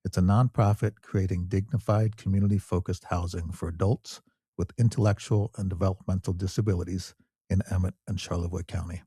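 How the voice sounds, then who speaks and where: Deep husky-voiced male podcast host. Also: steady tone, brisk, warm tone, no echo, studio quality. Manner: easygoing, folksy, with fillers. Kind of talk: casual interview chat.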